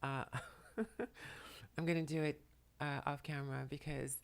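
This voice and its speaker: A tearful woman at home, speaking to the camera in a soft, halting way while relaying messages, often dropping to a whisper. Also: low voice, little pitch movement, gravelly. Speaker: spiritual channeler and makeup vlogger. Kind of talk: emotional channeling talk to camera. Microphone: camera mic, speaking to the camera.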